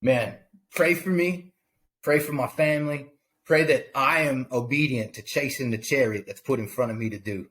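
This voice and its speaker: A man's voice: medium pitch, moderate pace, fairly bright tone. A man speaking as a podcast guest, giving a fervent, preachy motivational talk about faith and purpose, often repeating his words. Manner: impassioned, preachy, repeats himself.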